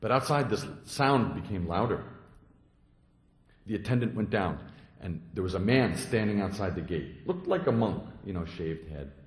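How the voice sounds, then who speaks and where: Animated storytelling Zen monk in a hall. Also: male voice, sits low, normal speed. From United States. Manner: storytelling, animated with sound effects. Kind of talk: dharma talk. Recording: echoey hall.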